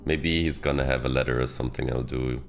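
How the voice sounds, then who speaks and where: A man's voice: extremely low pitch, steady tone, quick pace, creaky. A man from Switzerland with a Swiss accent, casually commenting on a game he is playing and thinking aloud in a self-mocking way. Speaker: game streamer. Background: game music.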